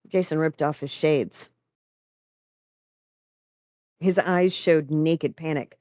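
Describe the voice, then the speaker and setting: Woman story reader, slow and low, dry close sound. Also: a little mellow, dry recording. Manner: measured, unhurried reading. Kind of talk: reading a story aloud.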